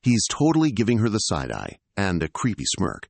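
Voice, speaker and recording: Deep-voiced male recap narrator. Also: wildly swooping pitch, brisk, creaky, breathy edge, dry recording. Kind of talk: scripted story narration.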